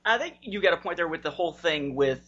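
A co-host in casual chat, making a point in a measured, thoughtful way. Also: medium pitch, animated, a bit bright, breathy edge. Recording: dull lo-fi sound.

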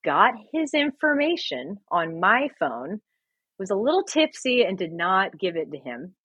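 A woman in her thirties, a singer and actress, telling animated stories as a guest in a casual interview. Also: mid-range voice, a little slow, breathy edge, no echo, muffled recording. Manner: animated, laughing storyteller.

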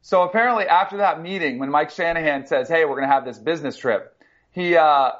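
Brief: ex-football player co-host, male, a bit high-voiced, chatty storyteller, dull muffled audio. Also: fairly quick. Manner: animated storyteller, many fillers. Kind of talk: casual sports talk.

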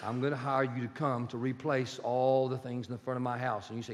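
A man preaching a sermon as pastor, animated and conversational, acting out little dialogues with his congregation. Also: mid-range voice, brisk, hardly any pauses. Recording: long church hall reverb.

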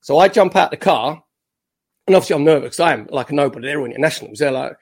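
A man's voice: on the high side, very fast, breathy edge. Chatty Cockney man telling stories. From East London. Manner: chatty, animated anecdotes with acted quotes. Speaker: guest, former footballer. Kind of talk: casual podcast storytelling. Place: his home in the country.

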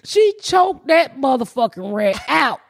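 A woman hosting a podcast, telling profane, animated comedic stories and acting out the people in them. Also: high voice, a little slow, gravelly. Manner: profane, animated, acts out voices in quotes. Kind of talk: casual comedic storytelling.

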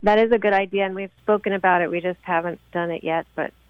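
A woman's voice: medium pitch, steady tone, quick pace, clean tone, no echo. Woman, phone-in caller, tinny phone line, dry sound, hesitant with ums. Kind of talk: phone-in call.

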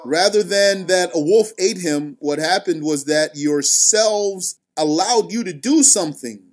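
Man retelling a religious story real slow, explains every verse, calm and deliberate. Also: high voice. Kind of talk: religious storytelling with scripture recitation.

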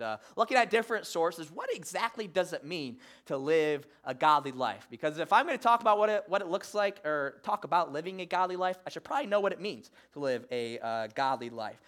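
A young Midwestern man from Michigan giving a conversational sermon as pastor, halting with frequent "uh" fillers and self-deprecating humor. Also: a little high, a bit bright. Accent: Midwestern American.

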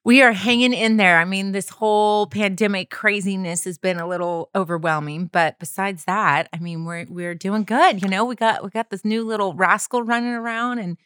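A woman co-hosting a casual podcast with her husband, chatty and quick to laugh. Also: medium pitch, fairly even intonation, fairly bright tone, clear, resonant tone, dry recording, studio quality. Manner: giggly, chatty, lots of "like" and "oh my gosh". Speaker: podcast co-host. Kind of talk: casual chat.

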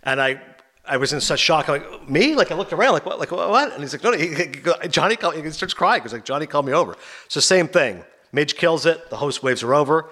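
Fast, bright-voiced man recapping TV. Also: fairly high pitch. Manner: rapid, animated retelling with acted quotes. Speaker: podcast host. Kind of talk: casual TV recap.

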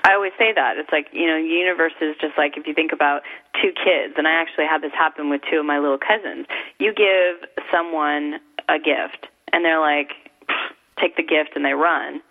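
A woman's voice: low-pitched, steady tone, fairly quick, hardly any pauses. A woman hosting a casual talk, speaking with enthusiasm in spiritual self-help phrasing. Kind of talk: casual conversation. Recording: phone-like narrow sound.

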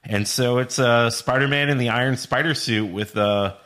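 A man co-hosting a podcast, relaxed and hesitant with fillers as he goes through news items. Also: medium pitch, normal speed. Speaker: podcast co-host. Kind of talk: casual news chat.

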